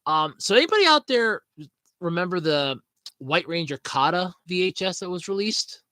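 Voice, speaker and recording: A man's voice: sits high, big pitch swings, normal speed, pushed and bright, dry recording. A man hosting a podcast in casual, rambling chat, swearing freely and laughing at his own jokes. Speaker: podcast host.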